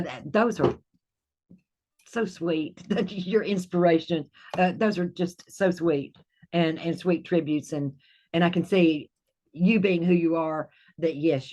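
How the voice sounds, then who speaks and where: An older woman hosting an interview show, speaking in a friendly, slightly halting way with fillers. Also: deep voice, a little mellow, lo-fi sound. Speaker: host.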